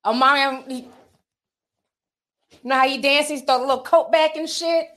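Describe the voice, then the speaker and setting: A woman's voice: high-pitched, fairly even intonation, moderate pace, fairly bright tone. A woman hosting a casual livestream, chatting candidly, laughing often and tossing in slangy asides as she reads viewer messages. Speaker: livestream host reading super chats.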